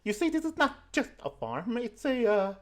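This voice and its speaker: A woman voicing a sweet, fussy old grandmother who runs a farm, in a doting, drawn-out singsong manner. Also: on the high side, sing-song, voice pushed up. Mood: chatty.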